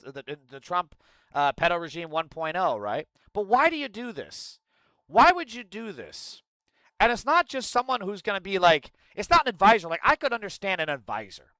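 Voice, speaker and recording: A man's voice: high-pitched, expressive, brisk, pushed and bright, no echo. A man ranting and swearing through political commentary on a live stream, scolding his chat. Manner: profane, ranting, mocking chat.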